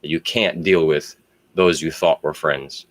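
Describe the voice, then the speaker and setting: A man's voice: a bass voice, fairly even intonation, slow pace, a bit bright, no room sound. A man, rambling and philosophizing in a profane solo monologue. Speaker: solo video host.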